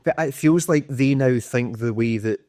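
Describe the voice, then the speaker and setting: A man's voice: medium pitch, normal speed, darkish tone, no echo. A Scottish man on a podcast panel, talking casually and swearing freely while he mimics other people's voices. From Scotland. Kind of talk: casual chat.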